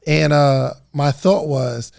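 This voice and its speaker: Podcast dude telling a funny clip story, high voice with a gravelly edge. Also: male voice, slow pace. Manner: animated storyteller, voices the people in his anecdote. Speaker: podcast co-host.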